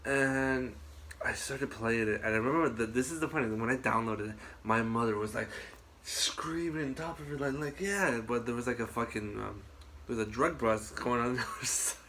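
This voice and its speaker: Rambling, animated man telling stories. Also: medium pitch, brisk, a little hiss or hum. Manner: rambling, animated storytelling with frequent swearing. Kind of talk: casual chat.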